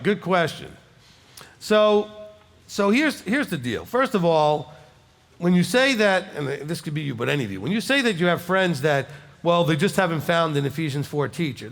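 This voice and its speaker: Gravelly Southern rabbi, lively pitch. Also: male voice, big-room sound. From Alabama, USA. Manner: conversational, repeats "okay?" for emphasis. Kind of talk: congregational Q&A teaching. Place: congregation hall.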